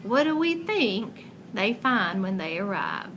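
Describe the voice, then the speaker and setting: A woman teacher reading a picture book aloud expressively and pausing to ask guiding questions. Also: medium pitch, big pitch swings, fairly bright tone, slight background noise, poor audio.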